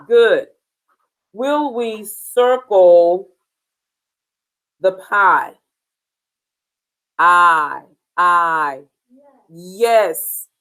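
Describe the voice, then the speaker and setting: Speaking slowly and deliberately, a woman leads a beginners' phonics lesson, drilling sounds and spelling words out letter by letter. She has a medium-pitched, fairly bright voice, but the audio quality is poor.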